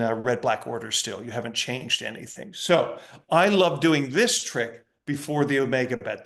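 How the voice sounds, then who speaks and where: A middle-aged man with a slightly high voice explains a card trick in a loose, chatty way. He demonstrates as he talks and slips into his performing patter. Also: a bit bright. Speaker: magician teaching a card trick. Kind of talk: casual teaching session.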